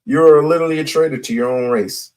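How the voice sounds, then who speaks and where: A man's voice: fairly high pitch, a little mellow. A man hosting casual commentary, talking emphatically and repeating his points. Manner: slow, emphatic, repeats himself.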